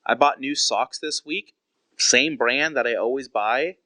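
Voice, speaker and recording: A man's voice: mid-range voice, a little slow, sharp tone, dry recording. A man in his thirties, a pastor, preaching in a candid storytelling way and acting out quoted conversations.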